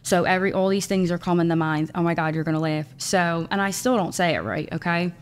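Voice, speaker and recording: A woman's voice: on the low side, steady tone, fast talker, clear, resonant tone. A young woman from Philadelphia, a small business owner chatting as a podcast guest, telling her story with lots of quoted asides. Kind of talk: casual interview chat.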